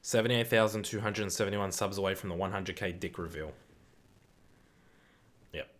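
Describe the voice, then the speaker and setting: A young British man runs a football watch-along stream, chatting casually, reading the chat aloud, swearing and getting excitable. His voice is low-pitched and his speed normal.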